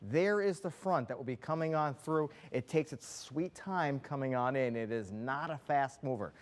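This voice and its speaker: A man delivers a local TV weather forecast from a news studio. His voice sits at an ordinary middle pitch. He walks viewers through the maps in a brisk, conversational manner.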